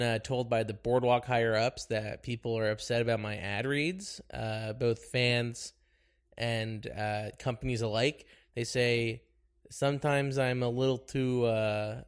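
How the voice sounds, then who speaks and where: Hungover guy hosting a podcast, flat deadpan ad read, mid-pitched, jokey asides. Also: smooth. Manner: dry, deadpan ad read with self-mocking asides. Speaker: podcast host. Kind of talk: casual podcast talk and ad read.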